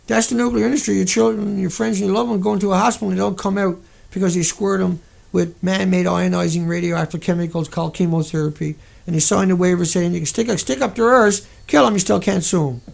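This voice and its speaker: A man's voice: high-pitched, vocal fry, darkish tone. A man hosting a livestream, ranting in an indignant, profane, rambling way. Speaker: livestream host. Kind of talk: angry livestream rant.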